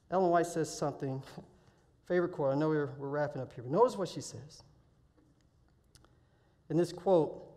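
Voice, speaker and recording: A man preaching a week-of-prayer sermon, telling a personal testimony in an animated storytelling way that swells loud when excited. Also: on the high side. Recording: long hall reverb.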